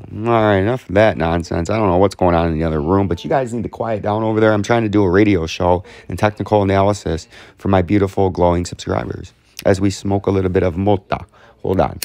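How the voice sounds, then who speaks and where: A man's voice: deep voice, fairly even intonation, quick pace, creaky, a little mellow, no echo. A man hosting casual chart commentary, rambling with jokes and repetitive riffs. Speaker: host.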